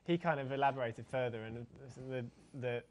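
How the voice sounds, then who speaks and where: A man's voice: mid-range voice, moderate pace, highs cut off, slight background noise. A man co-hosting a casual fan podcast, dropping dry, wry remarks. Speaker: podcast co-host.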